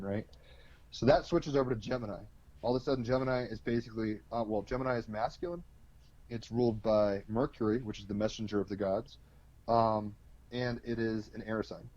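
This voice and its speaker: A man's voice: on the low side, darkish tone, dry recording, lo-fi sound. A man explaining astrology as an interview guest, in a loose, colloquial way full of fillers and the odd swear word. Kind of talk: casual explanatory interview talk.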